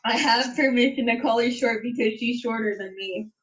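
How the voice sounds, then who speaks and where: A young woman in a casual chat with friends, sassy and quick with comebacks. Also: a little high, fairly bright tone, low-quality recording.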